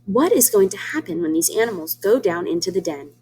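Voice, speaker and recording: A woman's voice: medium pitch, very animated, a little fast, dark tone, slight background noise. A woman reading a storybook aloud to young children as a teacher, stopping to explain words and ask them questions. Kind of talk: children's read-aloud lesson.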